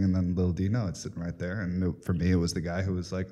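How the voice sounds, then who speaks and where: A man's voice: deep voice, fairly even intonation, quick pace, hardly any pauses, dark tone. A man hosting a podcast in casual chat, laughing along and chiming in with jokes. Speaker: podcast host.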